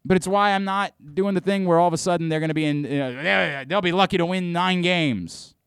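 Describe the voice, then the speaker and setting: A man's voice: high voice, a little fast, a bit bright, clean tone, dry recording, clean studio sound. A man hosting a sports talk radio show, ranting with exasperation and frequent restarts.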